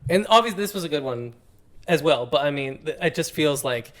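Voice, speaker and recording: A man co-hosting an album-review podcast with his brothers, talking in a halting way with many ums and restarts. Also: a little high, animated, fairly bright tone. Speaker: podcast co-host. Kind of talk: casual album-review chat.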